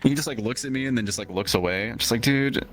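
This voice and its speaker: Low-ish guy rambling casually, swears a lot, faint music behind. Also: very fast, a bit bright, poor audio. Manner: rambling, profane storytelling. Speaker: stream host. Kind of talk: casual chat.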